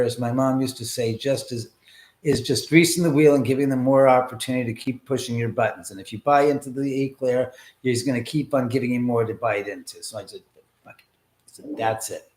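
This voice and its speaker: A man hosting a live stream from his house, rambling through a story full of swearing and laughter. His voice is of middle pitch, and the room adds a hollow echo around it. His talk is loose and off the cuff. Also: darkish tone. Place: his home, indoors. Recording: echoey room.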